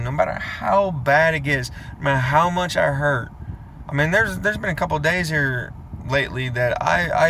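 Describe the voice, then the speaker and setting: Brief: man in his thirties, gravelly voice with a slightly high pitch, rambling and earnest, confessional vlog. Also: fairly bright tone, slight background noise. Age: 30s.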